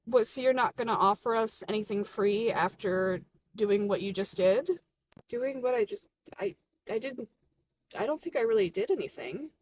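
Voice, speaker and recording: Woman playing every part of a café skit, high voice, faint room hiss. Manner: playing barista and customers, flustered and indignant. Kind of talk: comedy skit acting.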